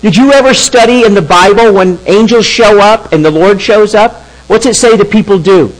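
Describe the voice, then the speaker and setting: A middle-aged man preaching a storytelling sermon in an animated, halting way with frequent restarts. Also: high voice, poor audio.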